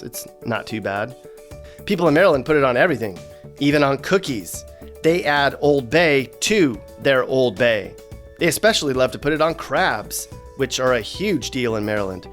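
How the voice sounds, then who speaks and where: Man with deadpan sarcastic narration. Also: medium pitch. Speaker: host. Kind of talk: comedic scripted narration.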